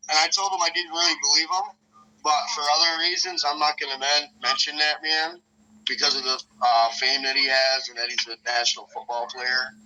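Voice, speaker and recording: A man's voice: little pitch movement, a little fast, sharp tone, slight background noise, poor audio. A man hosting a podcast, telling a rambling, profane story from northern Michigan in a loose, casual way. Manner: rambling, profane, acts out voices with big jumps in pitch. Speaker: podcast host.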